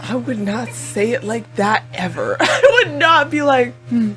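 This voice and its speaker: A woman's voice: fairly high pitch, unhurried, faint music behind. A woman chatting through a casual anime reaction video, talking expressively with lots of "like" and frequent laughs. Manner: chatty and expressive, heavy use of "like"; laughs often, exclaims at the screen.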